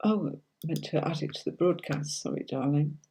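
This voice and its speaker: Against a noisy background, a middle-aged woman gives casual tarot readings on a livestream in a low voice at a moderate pace. She chats with her viewers, reads their comments out, and answers them by name, often with "sweetie" or "darling."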